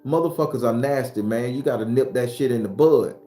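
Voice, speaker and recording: A man giving a blunt, profane, preachy spiritual talk, whose voice climbs and gets loud when he is fired up. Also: medium pitch, fairly quick, roomy sound, faint music behind. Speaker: spiritual teacher.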